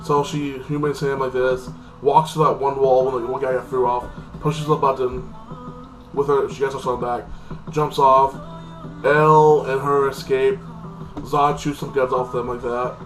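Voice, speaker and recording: With faint music behind him and poor audio, a man recaps a TV episode in a loose, repetitive way that leans heavily on "like this" fillers. He speaks unhurriedly at a medium pitch and level tone.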